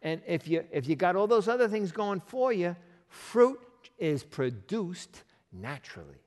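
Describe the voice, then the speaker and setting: A man pastor preaching a sermon in a lively, conversational way, firing off rhetorical questions at his congregation. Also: sits high, unhurried, big-room sound.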